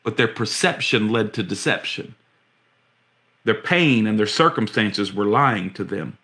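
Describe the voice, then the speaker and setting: A man's voice: on the low side, animated, a little slow, pushed and bright. A man preaching a sermon with passion and emphasis, acting out the voices he quotes and repeating words as he builds each point.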